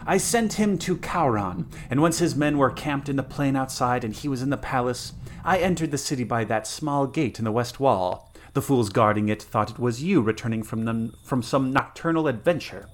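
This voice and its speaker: A man's voice: mid-range voice, expressive, normal speed, natural voice. A man voicing a cruel, scheming young witch princess in a dramatic story reading, with a gloating, mocking delivery.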